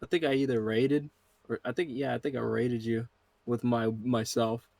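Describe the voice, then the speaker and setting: A man's voice: mid-range voice, steady tone, moderate pace, gravelly, a little mellow, no echo. A young man chatting casually with a friend over a game, laid-back and swearing as he tells a story. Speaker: co-player. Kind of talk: casual chat while playing a game.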